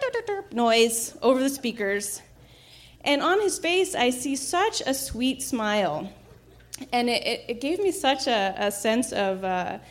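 A woman with a middle-pitched voice recounts a personal memory in an easy, reflective way. She pauses on fillers and restarts often, and breaks into small laughs as she talks. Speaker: storyteller. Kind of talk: casual personal storytelling.

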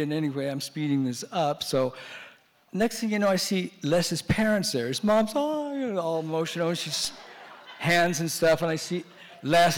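A man's voice: fairly high pitch, big-room sound. A middle-aged man telling a story on stage in a stand-up style, acting out the voices of the people in it. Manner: animated, acts out the voices in his story.

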